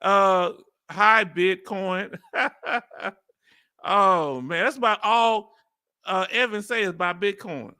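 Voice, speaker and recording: Host for a reaction video: a Southern man with a high, bright voice, loose and playful, laughing a lot, recorded dry and close. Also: slow pace, smooth, no echo. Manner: animated and playful, laughs often, loose slang. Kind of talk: casual live reaction commentary.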